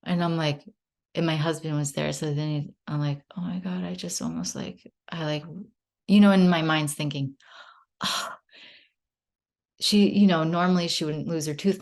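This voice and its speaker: Low, gravelly woman sharing candidly. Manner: candid, rambling, self-reflective. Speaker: spiritual group participant. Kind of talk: casual sharing. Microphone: video call.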